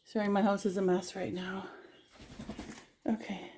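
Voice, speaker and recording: A woman's voice: medium pitch, little pitch movement, a little slow, pauses often, background noise. A woman at home chatting with her pet birds in coaxing baby talk. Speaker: pet bird owner, channel host. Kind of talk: casual chat with pet birds. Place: at home, indoors.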